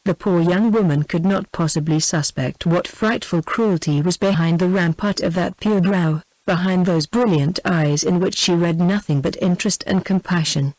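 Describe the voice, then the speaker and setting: Low-ish british tts lady reading an old novel, flat robotic delivery, bone dry sound. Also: moderate pace, hardly any pauses, no room sound, poor audio. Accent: British English. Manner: even synthetic reading, same voice for all characters. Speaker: narrator. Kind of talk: text-to-speech audiobook reading.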